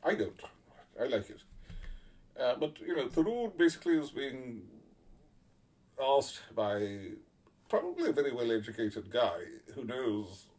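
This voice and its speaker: A man giving casual spoken commentary, blunt and sardonic, swearing freely and pausing often on fillers. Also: medium pitch, sing-song, a little mellow. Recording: voice a little far from the mic.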